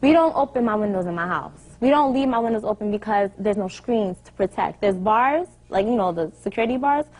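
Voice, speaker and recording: A woman's voice: mid-range voice, lively intonation, fairly quick, few pauses, darkish tone. A woman speaking as the defendant on a courtroom show, explaining herself in a defensive, insistent way. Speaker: defendant, the plaintiff's roommate.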